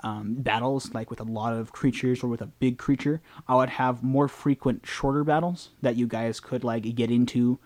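A man's voice: mid-range voice, steady tone, normal speed, few pauses, a little mellow. A man in casual chat, a game master talking about his games in a hesitant, rambling way with many restarts.

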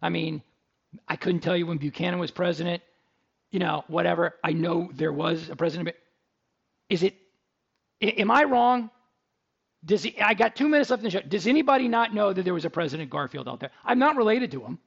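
A middle-aged man hosts a radio talk show, telling stories in a chatty, joking way. His voice sits high and has a gravelly rasp. The recording sounds a little dull and lo-fi. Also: lively intonation, a little fast, long pauses, a bit bright. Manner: chatty, jokey storyteller. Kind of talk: casual radio talk and ad read.

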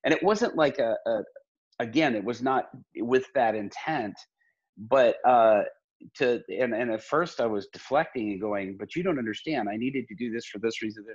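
A man's voice: mid-range voice, lively intonation, normal speed, husky, muffled recording. A middle-aged man, a pastor and podcast guest, talking earnestly in casual conversation, with many restarts.

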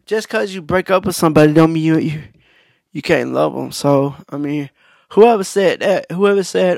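A man talks loosely into his own podcast, full of slang, fillers and restarts. His voice sits a little high with a gravelly rasp. The recording is dry and close. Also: measured pace, darkish tone, no room sound. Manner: laid-back, slangy, many fillers and restarts. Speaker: podcast host. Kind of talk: casual storytelling monologue.

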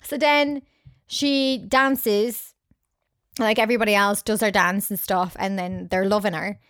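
A woman's voice: medium pitch, steady tone, measured pace, a bit bright, no echo, clean studio sound. A young woman co-hosting a casual film podcast, chattily recapping scenes and acting out the characters' lines. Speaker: podcast co-host.

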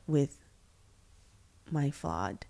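A woman's voice: a bass voice, very animated, extremely slow, warm tone. A young woman co-hosting a faith podcast, talking candidly and reflectively, with frequent fillers and restarts. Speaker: podcast co-host.

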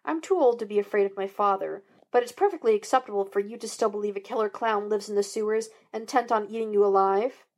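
Woman reader plays young male detective for an audiobook; excitable, jokey, voice jumps high. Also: fast talker, few pauses, lightly acted. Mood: wisecracking. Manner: excitable, wisecracking, jumps up in pitch. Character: restless joking young male private detective.

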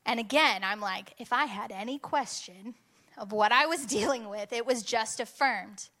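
A young woman preaching a sermon, telling a personal story in an animated way and rising to bursts of intensity. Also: fairly high pitch, normal speed.

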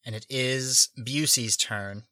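Bright, dry-voiced man running the game. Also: mid-range voice, steady tone, slow pace, no room sound. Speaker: game master. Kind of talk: narrating a tabletop game.

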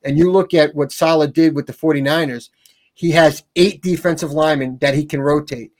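A man co-hosting a sports talk show, speaking in casual, animated chat. He tags his points with "right?" and repeats and restarts words. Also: a little high, fairly quick.

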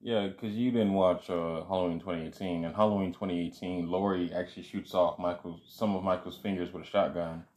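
A man's voice: low voice, steady tone, a little fast, few pauses, a little mellow. A man co-hosts a casual podcast review. He chimes in with short, laid-back, wry remarks. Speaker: podcast co-host. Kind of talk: casual movie review chat.

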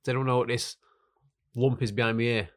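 A man's voice: mid-range voice, steady tone, quick pace. A man co-hosting a casual banter podcast, throwing in dry jokes and asides. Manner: dry quips and joking asides. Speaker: podcast co-host.

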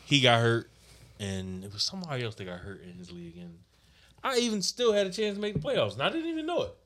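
A man's voice: medium pitch, big pitch swings, fairly quick, bright, forceful tone, no echo. A man in casual banter, trash-talking a friend and repeating his boasts. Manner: brash trash talk, repeats himself.

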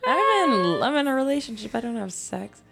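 A woman's voice: a little high, very animated, a little fast, vocal fry, a bit bright. A young woman co-hosting a podcast in a loose, profane, casual chat, laughing often. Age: young adult. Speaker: podcast co-host.

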